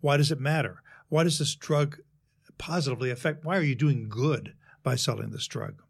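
A man who works as a speechwriter, talking in a measured, explanatory way in an interview and walking through worked examples. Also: medium pitch, creaky, husky. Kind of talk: conversational interview.

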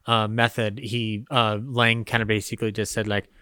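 A man's voice: on the low side, flat delivery, moderate pace, bright, forceful tone, clear, resonant tone, dry recording, studio quality. A man co-hosting a podcast, talking casually about old films with many fillers and frequent laughs. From United States. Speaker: podcast co-host. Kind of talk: casual film discussion.

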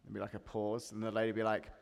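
A man's voice: lowish voice, quick pace, gravelly. A man with an English accent, preaching a sermon as a pastor and joking with his listeners. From England. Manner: lively, joking with the audience. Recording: long hall reverb.

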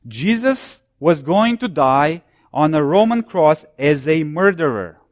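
A man preaching a sermon, building his points through repeated phrases and dropping low and soft when he cites scripture. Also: animated, slow pace, dry recording, studio quality.

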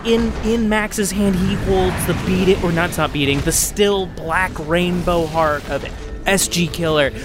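A game master narrating a comedic tabletop game in an animated, playful way. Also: medium pitch, measured pace, over loud music.

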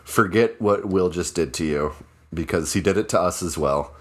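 A man's voice: sits low, moderate pace. A man co-hosting a podcast in casual chat, teasing his co-hosts with dry humor. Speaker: podcast co-host.

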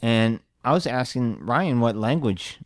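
A man's voice: medium pitch, expressive, a little slow, no room sound. Rambling man in a dry room. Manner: rambling storyteller, laughs at own jokes. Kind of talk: casual podcast chat.

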